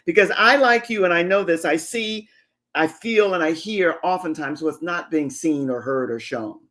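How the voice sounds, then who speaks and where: Gushing male livestream host, high-pitched voice, excitable affirmations, on a video call. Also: normal speed. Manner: effusive, enthusiastic, repeats affirmations. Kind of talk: livestream interview.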